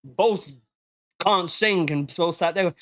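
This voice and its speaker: A man's voice: slow, fairly bright tone. Jokey man hosting a live podcast. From United Kingdom. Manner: jokey, laughing, breaks into silly high-pitched quoted voices and singing. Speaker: podcast host. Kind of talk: casual live podcast chat.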